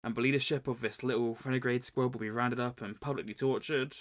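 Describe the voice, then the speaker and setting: A man's voice: medium pitch, fairly even intonation, quick pace, natural voice. A man voicing a lazy, self-satisfied male imperial officer in a breezy, offhand tone. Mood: smug.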